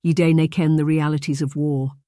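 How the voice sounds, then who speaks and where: A man's voice: a little high, flat delivery, brisk, mellow, dry recording, lightly acted. Narrator playing an old Scottish chieftain father, stern and scolding, dry read.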